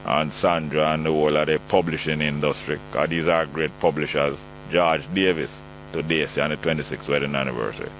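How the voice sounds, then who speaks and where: A man's voice: a bass voice, steady tone, brisk, fairly bright tone, soft background music, low-quality recording. A middle-aged man with a Jamaican accent hosting a call-in radio talk show, chatty and joking as he reads out listener texts.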